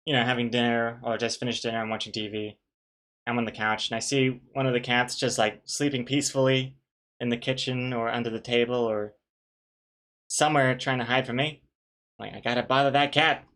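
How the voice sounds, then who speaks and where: A young man talking in a loose, rambling way as he draws a comic live. He greets viewers by name, reads out their messages and makes fun of himself, and his voice sits at an ordinary middle pitch. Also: fairly even intonation, fairly quick, fairly bright tone. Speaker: streamer drawing a webcomic. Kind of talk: casual chat while drawing on a live stream.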